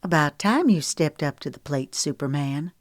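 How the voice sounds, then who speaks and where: A woman reading the part of a spirited country music star and new bride, lifting her voice brighter and livelier. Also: low voice, animated, normal speed, dry recording, clean studio sound. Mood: affectionate.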